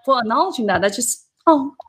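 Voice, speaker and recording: A woman hosting a video-call interview, talking in an animated, exclaiming way with casual swearing. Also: a little high, brisk. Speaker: podcast host.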